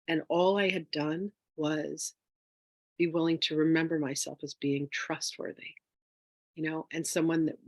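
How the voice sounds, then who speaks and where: A woman telling a personal story in a casual, animated way as a spiritual wealth teacher, with lots of fillers. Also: sits low, no room sound. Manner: animated, chatty, with frequent fillers; emotional, near tears.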